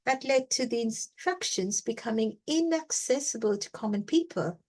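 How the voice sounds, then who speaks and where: A woman's voice: fairly high pitch, animated, normal speed, a little mellow. A woman teaching a reflective scripture reading class in an emphatic way, repeating words for stress and often saying "you know".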